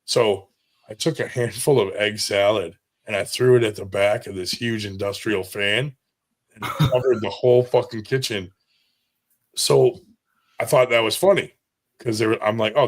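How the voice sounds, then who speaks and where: Profane, laughing man telling stories. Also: medium pitch. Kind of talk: casual storytelling.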